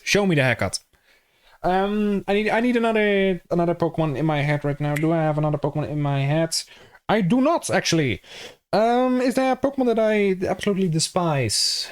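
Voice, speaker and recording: A man's voice: a little high, clean tone. A young man with a Dutch accent chatting casually and jokingly with viewers on a live stream, swearing freely. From Netherlands.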